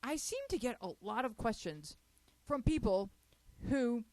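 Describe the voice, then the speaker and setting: A woman's voice: fairly high pitch, lively intonation, a little slow, a little mellow, dry recording. Playful woman hosting a panel chat. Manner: playful, laughs often, reads listener letters aloud. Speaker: host.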